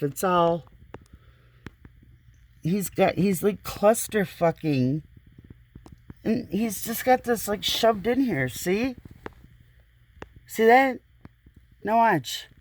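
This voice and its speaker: Medium-pitched and darkish, the woman's voice comes across in a dry recording as she walks through her home's small closet with her phone. It's a casual complaint video: she points out problems, sounding exasperated, with the occasional curse.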